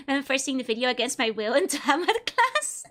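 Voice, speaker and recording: Giggly high woman. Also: big pitch swings, normal speed, fairly bright tone. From Netherlands. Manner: giggly, chatty, greets viewers by name. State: voice still recovering from illness. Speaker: VTuber streamer. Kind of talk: casual live-stream chat.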